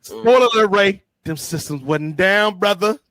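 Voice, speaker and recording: A man co-hosting a podcast, telling stories in an animated, slangy way. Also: high-pitched, normal speed, dry recording. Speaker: podcast co-host. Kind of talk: casual storytelling chat.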